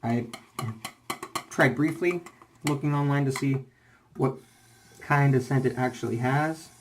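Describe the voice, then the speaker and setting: A man's voice: medium pitch, fairly even intonation, unhurried, a little hiss or hum. A young man rambling casually in a shaving vlog, full of fillers and restarts, slightly out of breath. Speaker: shaving vlogger.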